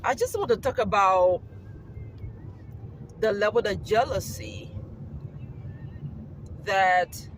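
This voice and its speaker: A man's voice: high-pitched, slow pace, pauses often, noisy background. A man from Liberia with a Liberian accent mixed with American, earnestly rambling to his YouTube viewers while driving, with lots of "you know" fillers. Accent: Liberian English mixed with American. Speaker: YouTube vlogger. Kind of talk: casual vlog talk while driving. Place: in a car on a windy, sunny summer day.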